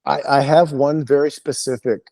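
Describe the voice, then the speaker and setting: A man's voice: mid-range voice, moderate pace, creaky. Man telling a rambling, profane story. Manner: rambling, animated, profane, with frequent restarts. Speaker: podcast guest, comedian. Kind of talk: casual comedic storytelling.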